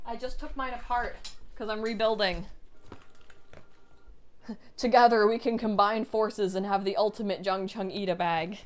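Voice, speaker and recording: Reading her viewers' messages out loud during a stream, a woman gushes with excited praise and throws in casual swearing. Her pitch is medium, her pace moderate, and she pauses often.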